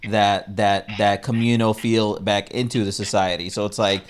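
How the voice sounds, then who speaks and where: A man's voice: lowish voice, level tone, normal speed, clear, resonant tone. A man hosting a casual podcast chat, joking and teasing his guest. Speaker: podcast host.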